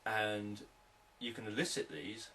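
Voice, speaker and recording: A man, a hypnotherapist, explaining sales techniques in a calm, repetitive, unscripted teaching talk. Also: on the low side, unhurried, recorded from a distance, a little hiss or hum, poor audio.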